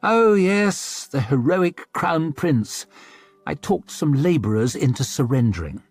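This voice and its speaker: A boyish young crown prince, flippant and quick to mock himself, as a male narrator acts him out. He sounds lively and a touch husky, raised above the narrator's own pitch, in a dry, close recording with faint music behind. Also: dry recording, full character voice. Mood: rueful. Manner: flippant, self-deprecating.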